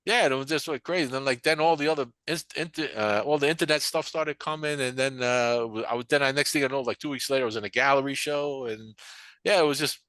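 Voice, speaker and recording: A man's voice: mid-range voice, fast talker, bright, forceful tone, no echo. A man, telling his story in a rambling, casual interview and acting out the people he quotes. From New York. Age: 60s. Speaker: painter and barbershop manager.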